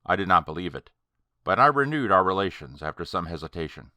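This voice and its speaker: A man narrating a horror story audiobook in a slow, dramatic, deliberate way. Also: low voice, sing-song, bright, forceful tone, no echo.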